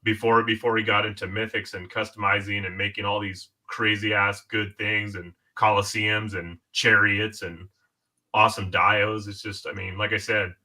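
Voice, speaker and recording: A man co-hosting a casual toy chat show, excitable and cursing often. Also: fairly low pitch, moderate pace. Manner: excitable, swears freely, repeats "dude". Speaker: co-host.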